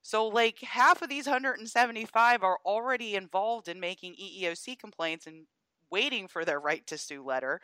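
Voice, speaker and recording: A woman from Georgia co-hosting a podcast, chatting about the news in an animated way and laughing as she talks. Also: mid-range voice, moderate pace, clean tone, dry recording. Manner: animated, laughs while talking. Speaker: podcast co-host. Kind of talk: casual political chat.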